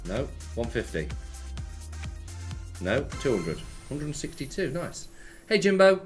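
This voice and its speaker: A man's voice: medium pitch, big pitch swings, slow, soft background music. A man hosting a casual live stream, chatting offhandedly and answering viewer messages. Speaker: slots streamer.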